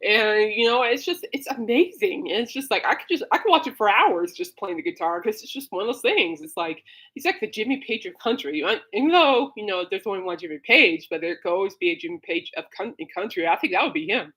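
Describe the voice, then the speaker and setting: A woman's voice: medium pitch, lively intonation, quick pace, hardly any pauses, fairly bright tone, slightly rough. A woman hosting a casual solo podcast, gushing and rambling with many fillers, breaking into coughing fits. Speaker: podcast host.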